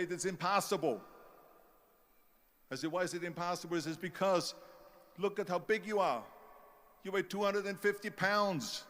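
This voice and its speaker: A man's voice: on the high side, fairly bright tone, big-room sound. Older man with an Austrian German accent, punchy. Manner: storytelling, punchy and emphatic, mimics the doubters. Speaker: motivational speaker. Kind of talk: motivational speech.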